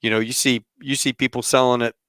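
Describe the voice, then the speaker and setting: Smooth-voiced male host, rambling. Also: medium pitch, fast talker, dry recording, studio quality. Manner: relaxed, rambling, many fillers. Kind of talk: casual chat.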